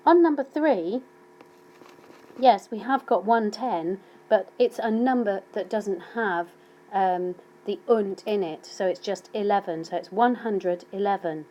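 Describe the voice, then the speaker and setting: A woman teaching a language lesson, explaining numbers patiently and saying them slowly for learners to repeat. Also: medium pitch, dark tone, lo-fi sound. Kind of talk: slow explanatory lesson narration.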